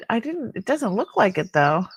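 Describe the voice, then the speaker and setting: A woman's voice: mid-range voice, sing-song, moderate pace, husky. A middle-aged woman hosting a live jewelry sale, chatting casually and admiring each piece as she rambles. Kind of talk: casual live-stream selling chat.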